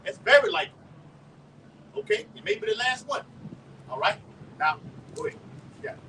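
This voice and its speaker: A man preaching live outdoors and leading the teaching, with a lively, repetitive delivery, calling on others to read verses. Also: very high voice, normal speed. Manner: animated, repeats words, calls for scriptures. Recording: distant mic with faint street noise.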